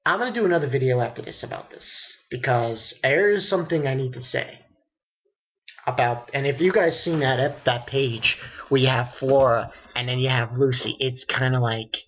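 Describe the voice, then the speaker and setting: A man casually recapping a manga chapter, excitable and profane, with many restarts. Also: medium pitch, normal speed, dull audio. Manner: excitable, swears, retells dialogue with many restarts. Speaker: manga reviewer.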